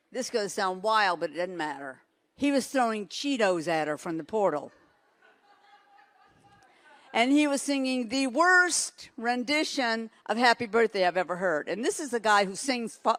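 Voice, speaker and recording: A woman preaching a sermon, telling stories in an animated way and laughing now and then. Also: mid-range voice, no echo. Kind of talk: sermon with storytelling.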